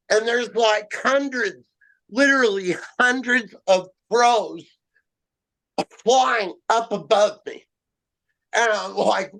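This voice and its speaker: A man telling a first-person encounter story in a halting, rambling way, full of "you know" and "uh" fillers. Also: high-pitched, pushed and bright. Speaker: eyewitness guest.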